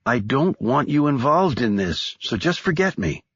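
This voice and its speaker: A male narrator voicing a tough, sharp-tongued woman con artist who snaps back defiantly. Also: mid-range voice, big pitch swings, a little slow, husky, dry recording, muffled recording, pitched above the performer's own voice. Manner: snappish and defiant, rising to a shout in alarm.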